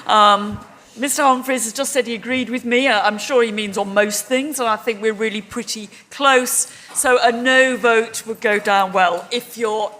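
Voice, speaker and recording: A woman's voice: a little high, moderate pace, pushed and bright. A middle-aged woman making a persuasive debate speech in a wry, conversational way. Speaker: debate speaker.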